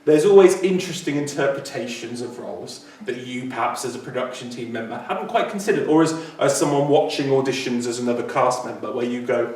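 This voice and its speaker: A man's voice: mid-range voice, expressive, a little fast, few pauses, a little mellow. A man with an English accent co-hosting a podcast, chatting casually and joking at his own expense. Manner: chatty, self-mocking. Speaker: podcast co-host. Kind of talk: casual chat. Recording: echoey room, distant mic.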